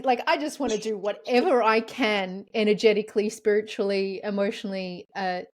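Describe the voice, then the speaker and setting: A woman's voice: medium pitch, fairly quick. A woman hosting a podcast, telling personal stories in casual conversation, open and emotional. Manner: open, emotional, animated storytelling. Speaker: podcast host.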